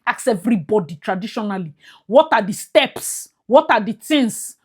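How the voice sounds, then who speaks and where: A young woman with a Nigerian accent giving casual commentary, mixing Pidgin into English, laughing often and swinging from loud to whispered. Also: medium pitch, animated, moderate pace, slightly rough. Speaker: vlogger.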